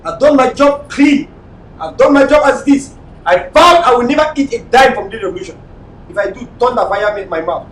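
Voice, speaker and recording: A man with a Cameroonian accent hosting a late-night live online talk show, speaking in an impassioned, repetitive way and sometimes shouting. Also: lively intonation, brisk. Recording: echoey room, mic at a distance, faint rumble.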